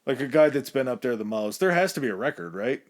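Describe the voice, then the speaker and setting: A man's voice: medium pitch, animated, fast. A man co-hosting a podcast in casual chat, easygoing and thinking aloud with ums and uhs. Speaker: podcast co-host.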